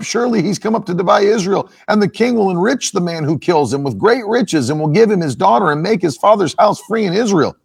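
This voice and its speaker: A man preaching a sermon, reading scripture and explaining it with emphatic, drawn-out stresses. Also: high voice, vocal fry, breathy edge. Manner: emphatic, slows down to stress points. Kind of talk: expository sermon.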